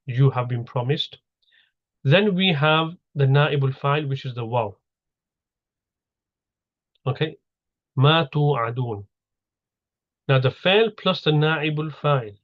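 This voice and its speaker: Man patiently teaching grammar, slightly dull sound. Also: medium pitch. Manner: patient, explains step by step, repeats key terms. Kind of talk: recorded grammar lesson.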